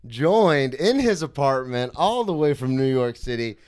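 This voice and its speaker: A man's voice: mid-range voice, expressive, unhurried, darkish tone, a little hiss or hum. A man hosting a comedy podcast, chatting casually with a guest and laughing often. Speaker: podcast host. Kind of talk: casual chat. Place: apartment.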